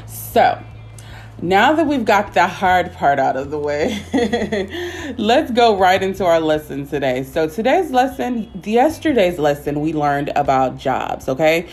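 A woman teaching a simple English lesson, speaking patiently and repeating words slowly for learners. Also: on the low side, sing-song, a little mellow. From United States.

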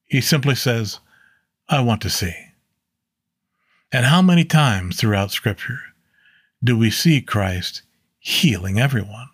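Slow, earnest man teaching the Bible. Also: mid-range voice, expressive, slightly rough, no echo, studio quality. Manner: slow and earnest, with fillers and self-corrections. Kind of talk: casual Bible study talk.

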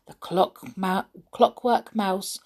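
A woman reading a children's story aloud, expressive, with dramatic gasps. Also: medium pitch, slow, gravelly.

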